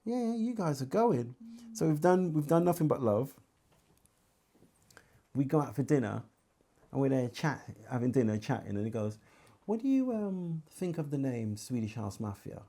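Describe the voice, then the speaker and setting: A man's voice: medium pitch, normal speed, pauses often. A middle-aged man from Birmingham speaks in an easygoing interview voice with a Birmingham accent. He tells his stories with life, slipping into other people's voices and humming bits of melody as he goes. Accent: Birmingham English. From England. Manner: animated storyteller, acts out dialogue and sings snippets. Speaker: interview guest, singer. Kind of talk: casual storytelling interview.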